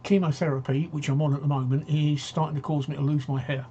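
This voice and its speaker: A man's voice: a little high, flat delivery, fast, mellow, lo-fi sound, a little hiss or hum. A man hosting a casual live-stream talk show, rambling and joking as he reads out viewer comments.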